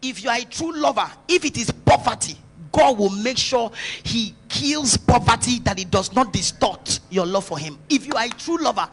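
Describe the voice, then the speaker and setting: A man from Nigeria, a pastor preaching a sermon at a church service, swinging between loud exhortations and soft urgent passages, with faint music behind. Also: very high-pitched, lively intonation, normal speed, hardly any pauses.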